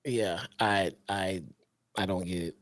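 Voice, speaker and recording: A man co-hosting a casual podcast, relaxed and slangy. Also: sits low, slow pace, no echo, studio quality. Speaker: podcast co-host.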